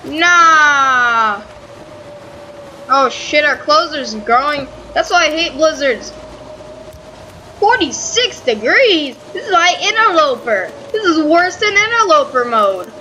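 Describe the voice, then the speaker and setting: Woman gamer narrating her playthrough, swears a lot, yells at the game, bright ringing voice, bit of faint noise behind. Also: sits high, big pitch swings, measured pace, low-quality recording. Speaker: gaming channel host. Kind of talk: casual let's-play commentary.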